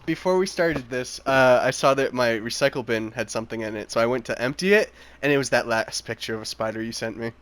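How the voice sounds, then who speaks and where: A man's voice: mid-range voice, a little fast, few pauses, fairly bright tone, smooth. A young man co-hosting a podcast, chatting casually and making dry jokes. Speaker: podcast co-host. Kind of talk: casual chat among friends.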